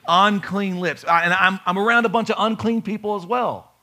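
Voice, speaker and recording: Male pastor, lively sermon delivery, rhetorical questions, bright slightly high voice. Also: moderate pace. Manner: animated preaching with rhetorical questions to the congregation. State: has a bad knee.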